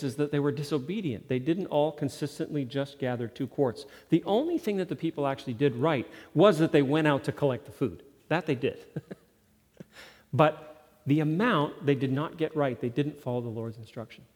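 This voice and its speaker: A man's voice: medium pitch, a little mellow. A male pastor giving a conversational sermon, often checking in with the congregation. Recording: long reverb of a large hall.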